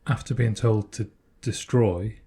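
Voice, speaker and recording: Man, podcast co-host, husky, mellow tone, thoughtful casual chat. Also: lowish voice, fairly even intonation, a little slow. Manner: thoughtful, speculative, frequent restarts.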